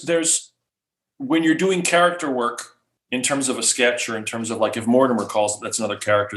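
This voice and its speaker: Chatty guy, lots of "like" and "you know", mid pitch, sounds roomy. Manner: animated, chatty, many fillers. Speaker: guest speaker. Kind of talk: casual chat.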